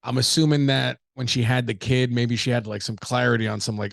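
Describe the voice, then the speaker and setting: A man's voice: medium pitch, steady tone, brisk, vocal fry, hardly any pauses, no room sound, studio quality. A young adult man from the United States hosting a podcast, riffing casually with profanity, jokes and rhetorical questions. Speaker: podcast host.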